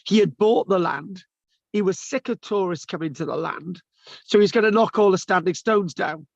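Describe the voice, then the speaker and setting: In a dull, lo-fi recording with no echo, a male lecturer chats informally to his online class, often restarting and adding tag questions. His voice sits high and sounds creaky, and he keeps a moderate pace.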